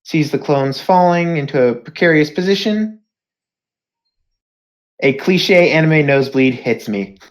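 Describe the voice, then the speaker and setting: Low-voiced, slow-talking woman. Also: expressive. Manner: casual, laughing, drawn-out delivery. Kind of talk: fan roleplay reading.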